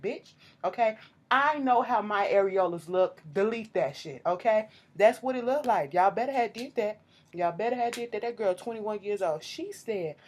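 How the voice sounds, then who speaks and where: A woman recapping a TV episode in a casual vlog, sassy and profane, acting out quotes with swoops up and down in her voice. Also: medium pitch. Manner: sassy, profane, animated storytelling. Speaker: TV show reviewer.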